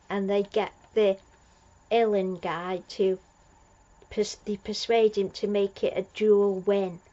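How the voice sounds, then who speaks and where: A woman's voice: mid-range voice, dark tone, lo-fi sound. A woman recapping an episode as a fan reviewer, gushing and rambling with lots of fillers and restarts.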